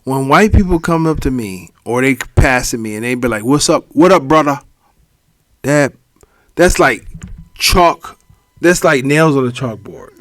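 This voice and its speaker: A man's voice: medium pitch, measured pace, no room sound. A man co-hosting a podcast, telling stories in casual chat and acting out what people said to him. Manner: animated storyteller, acts out quotes. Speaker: podcast co-host.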